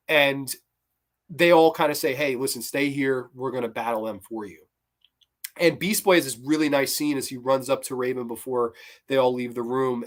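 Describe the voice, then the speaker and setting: The host of a cartoon review show gives casual commentary ranking episodes, rambling excitedly and quoting scenes in loose voices. He has a mid-range, fairly bright voice.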